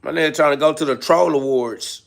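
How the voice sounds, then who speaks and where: Gravelly man preaching a mocking rant. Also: fairly high pitch, brisk. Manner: preachy, mocking, heavy slang. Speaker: podcast host. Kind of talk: ranting live self-talk podcast monologue.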